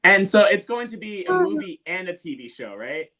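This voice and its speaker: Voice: medium pitch, huge pitch swings, normal speed, a crowd in the background. A panel moderator asking playful, joking questions.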